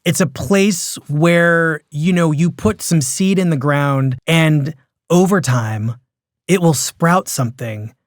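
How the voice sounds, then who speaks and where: A man hosting a podcast, talking about television in an animated, storytelling way full of asides. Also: fairly high pitch, slow pace, no room sound, studio quality. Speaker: podcast host. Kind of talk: casual critical discussion.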